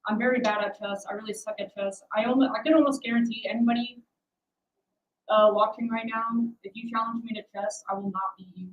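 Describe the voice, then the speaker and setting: A woman's voice: on the high side, steady tone, brisk, rough recording. A young adult woman hosting a casual livestream, rambling and self-deprecating as she chats with her viewers. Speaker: livestream host.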